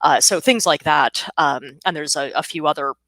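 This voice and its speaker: Author guest, female, bright voice, dry recording, lively explanations. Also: deep voice, moderate pace, no room sound. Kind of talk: livestreamed bookshop conversation.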